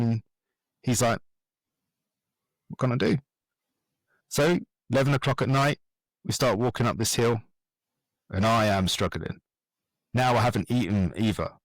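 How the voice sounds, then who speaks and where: A man's voice: lowish voice, dry recording, rough recording. A middle-aged man, a guest telling his story in a podcast interview and acting out what people said. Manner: animated storyteller who acts out quoted voices. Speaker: guest, transformation coach.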